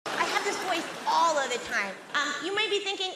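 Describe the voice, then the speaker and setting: A woman with a notably high voice doing stand-up on a big theatre stage. Her delivery is deadpan and self-mocking, with sudden high squeals. The sound rings with long hall reverb under heavy noise. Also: brisk. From Latin American family background. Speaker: stand-up comedian. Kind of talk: stand-up routine.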